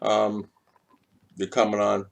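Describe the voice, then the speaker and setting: A man hosting a casual live stream, chatting with viewers and greeting them by name. He is animated and chuckles often. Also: on the low side, slow pace, vocal fry. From United States.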